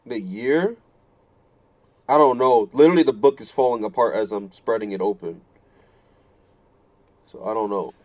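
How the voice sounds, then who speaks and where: A man's voice: fairly low pitch, moderate pace, pauses often, darkish tone. A man in his late twenties streaming, telling a rambling, swear-filled story that often mocks himself and repeats lines in exasperation. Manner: rambling, profane, self-mocking storytelling. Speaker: fighting game streamer. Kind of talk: casual live-stream chat.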